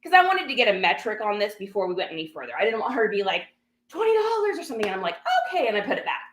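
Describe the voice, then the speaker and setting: A woman's voice: mid-range voice, very fast, reverberant, a little hiss or hum. A woman reseller chatting casually to her viewers, telling a story and acting out other people's lines. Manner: animated, acts out other people's lines in quotes. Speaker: reseller sharing a garage sale haul.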